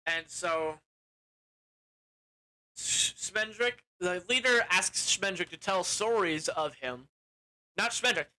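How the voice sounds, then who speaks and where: Rambling, bright-voiced film reviewer. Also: medium pitch, lively intonation, takes it slowly, pauses often, rough recording. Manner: rambling, with frequent self-corrections and swearing. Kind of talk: casual plot recap.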